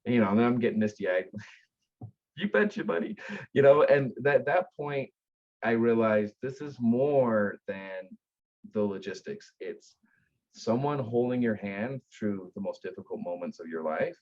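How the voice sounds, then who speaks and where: A man with a lowish voice tells stories in an earnest, lively way, often restarting his sentences. His audio sounds dull and lo-fi, like a remote call. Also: moderate pace. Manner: earnest, animated storyteller with repeated restarts. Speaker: guest, aftercare company founder. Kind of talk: conversational storytelling.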